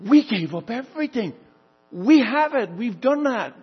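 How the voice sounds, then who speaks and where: A preacher doing brash, excited teenage apostles. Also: male voice, very high voice, measured pace, slightly rough, lo-fi sound, voice pushed up, full character voice. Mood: eager. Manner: eager and boastful.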